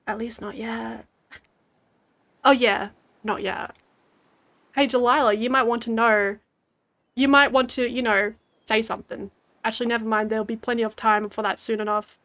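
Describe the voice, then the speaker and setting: A woman's voice: a little high, pushed and bright. An Australian woman in her twenties, a game streamer reading a dating game aloud with giggly, wry asides. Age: 20s.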